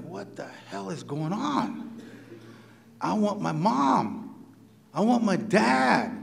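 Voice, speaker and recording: Animated Spanish-native man telling stories. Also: fairly high pitch, vocal fry. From New Mexico. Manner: animated and humorous, acting out quoted voices. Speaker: visiting writer. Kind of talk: personal storytelling to a live audience. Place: university lecture hall. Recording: echoey hall.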